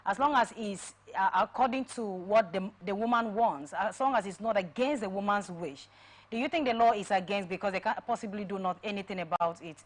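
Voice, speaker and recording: A woman's voice: mid-range voice, fairly quick. Woman host asking probing questions. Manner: probing questions with many fillers. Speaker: talk show host. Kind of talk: interviewing a studio guest.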